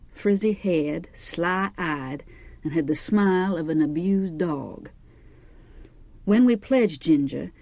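A woman reads a first-person novel aloud with measured, wry storytelling. Her voice sits low and mellow. The recording is close and completely dry, with no room sound. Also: no echo. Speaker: audiobook narrator. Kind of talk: first-person audiobook narration.

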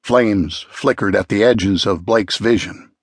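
A man reading an audiobook in a measured, dramatic storytelling manner, close to the mic. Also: lowish voice, breathy edge, dry recording. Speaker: audiobook narrator. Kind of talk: scripted narration.

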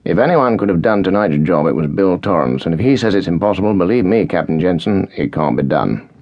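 A man's voice: deep voice, animated, brisk, pitched above the performer's own voice. A man reading an audiobook, voicing a weary, earnest British group captain who speaks heavily, on a dull lo-fi recording. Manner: heavy and earnest.

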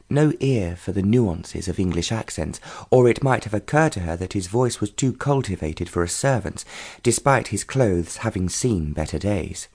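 A man narrating a romance novel audiobook in a measured storytelling manner. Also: lowish voice, darkish tone, slightly rough. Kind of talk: scripted narration.

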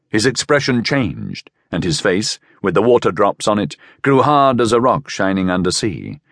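A man narrating a short story for an audiobook in measured storytelling, recorded close in a studio. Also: no room sound. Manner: measured storytelling with wide expressive pitch. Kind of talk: scripted narration. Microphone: close studio mic, dry.

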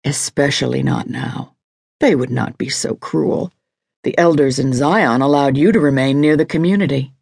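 A woman voicing a grown man, a steady husband who reasons patiently and keeps his voice level. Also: a bass voice, gravelly, breathy edge, no echo, clean studio sound, full character voice. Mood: reasoning. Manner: calm, measured.

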